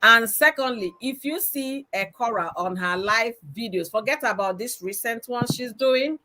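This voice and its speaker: A woman's voice: a little high, moderate pace, bright, forceful tone. A woman, earnestly explaining her view on a live-stream panel. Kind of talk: casual live-stream discussion.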